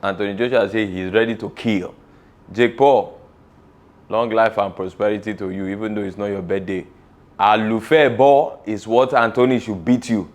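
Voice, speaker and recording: A man with a Nigerian accent presents a comedic sports news segment, animated and teasing, slipping into Yoruba phrases. His voice is lowish and his pace moderate.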